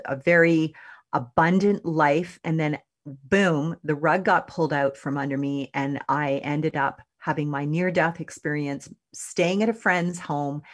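A middle-aged woman hosting a radio show, talking in a chatty, animated way, often laughing and exclaiming as she speaks to her listeners. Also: low voice. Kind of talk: casual motivational talk.

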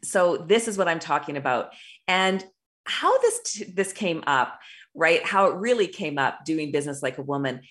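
A middle-aged woman with a notably low-pitched voice speaks as an intuitive business coach. She talks earnestly in a loose, rambling way, often restarting her sentences and checking in with "right?". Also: very animated, normal speed, fairly bright tone. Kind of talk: casual monologue.

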